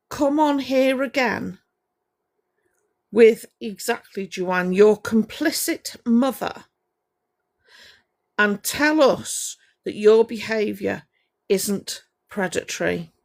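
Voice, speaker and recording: Scolding woman with gravelly voice. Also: fairly high pitch. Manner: confrontational, scolding, greets viewers by name mid-rant. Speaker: livestreamer. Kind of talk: ranting livestream monologue to chat.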